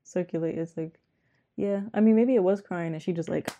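A young woman hosting a movie reaction, talking quietly and close to a whisper with wry quips. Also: lowish voice, a little fast. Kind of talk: hushed movie reaction chat.

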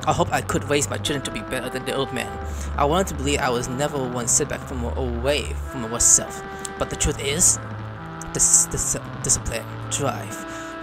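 A man's voice: fairly high pitch, close to an everyday voice. A man reading aloud a long bitter monologue from a drunken middle-aged ship captain. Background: game music.

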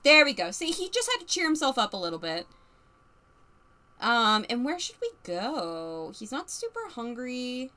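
A woman streaming a life-sim game, chatting casually as she plays. Her voice is bright and a touch high, and it swoops up and down as she talks the characters through their moods. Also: very animated, a little slow. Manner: chatty, narrates characters' feelings, laughs often. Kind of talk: casual gameplay commentary.

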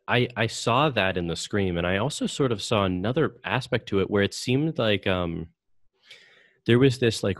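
Deep-voiced man hosting a podcast. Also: no echo. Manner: hesitant, many fillers and restarts. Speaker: podcast host. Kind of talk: casual conversational discussion.

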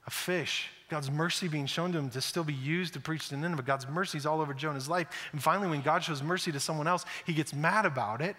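A man's voice: on the high side, fast, hardly any pauses, sharp tone. A male pastor preaching a conversational sermon, acting out quotes and often repeating words. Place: church sanctuary. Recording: echoey church hall.

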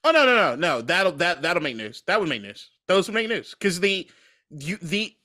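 A man's voice: sits high, normal speed. A man co-hosting a casual sports podcast, swearing freely and laughing as he riffs. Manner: profane, animated, laughs often. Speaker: podcast co-host.

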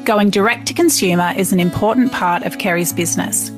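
A woman host delivers even, scripted narration at a middling pitch. Plucked guitar music plays clearly beneath her voice. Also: brisk. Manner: smooth, even voice-over links. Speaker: podcast host.

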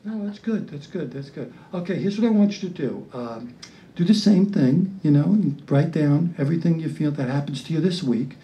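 A comedian putting on a hushed, hesitant male therapist who mumbles low and half-whispers with many pauses. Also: distant mic, muffled recording, natural voice. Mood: soothing. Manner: slow, hesitant, lots of uh. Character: sleepy hushed male therapist in a dark room.

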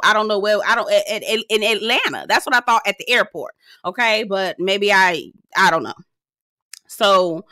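A young adult woman giving a sassy, slang-filled casual recap of a reality show, breaking into high-pitched outbursts. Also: bright, forceful tone, no room sound, clean studio sound.

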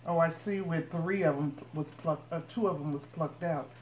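In an echoey room with some noise, a couponing vlogger talks to viewers as she opens boxes and shows what's inside. Her voice is low-pitched and darkish, at a normal speed.

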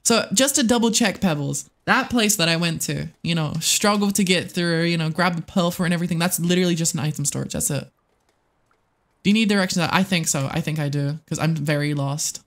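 Young streamer yapping at chat mid-game, swears a lot, keeps restarting sentences, middling pitch. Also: fairly quick. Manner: excitable and swearing, chatting with viewers; rambling with frequent restarts and self-talk. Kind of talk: live game-stream commentary.

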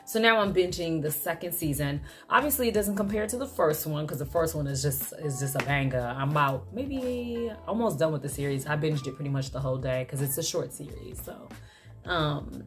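A young woman talks straight to her camera in a loose, slangy vlog chat, candid and open about her feelings. Her voice sits low for a woman. Faint music plays underneath. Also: expressive, normal speed. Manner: candid, emotional, slangy and chatty. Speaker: vlogger.

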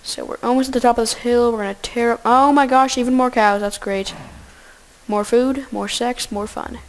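A woman giving goofy, excitable casual gameplay commentary, talking to the animals in her game. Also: fairly high pitch, normal speed.

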